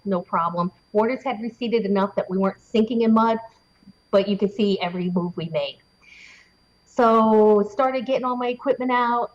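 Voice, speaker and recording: A woman's voice: medium pitch, lo-fi sound. A woman guest in an interview, eagerly recounting a personal experience in a chatty way, full of laughs and fillers. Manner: excited, chatty, laughs often, many fillers. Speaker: interview guest, paranormal investigator. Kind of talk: animated storytelling in an interview.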